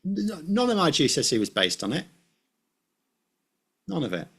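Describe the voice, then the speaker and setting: A man's voice: fairly high pitch, sing-song, normal speed, fairly bright tone, husky. A British man guesting on a live stream, arguing bluntly and dryly against popular opinion. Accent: British English. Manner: blunt, contrarian, dry. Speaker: guest commentator. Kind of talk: casual debate on a live stream.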